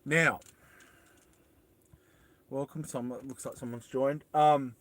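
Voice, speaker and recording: Broadcasting live from his van, an Australian man chats casually and rambles, welcoming new viewers and reading out replies to the chat. He speaks slowly in a medium, steady voice with a fairly bright tone.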